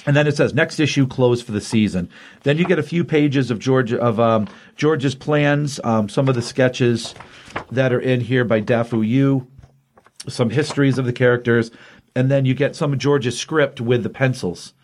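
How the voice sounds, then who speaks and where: A man's voice: mid-range voice, normal speed. A man co-hosting a comic book podcast, retelling a story in casual chat and acting out the quotes. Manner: animated retelling with acted quotes.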